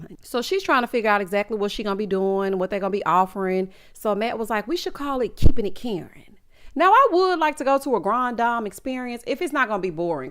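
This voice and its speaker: A woman giving a sassy, gossipy recap of a reality show in casual chat, calling her viewers "honey" and "child.". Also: on the high side.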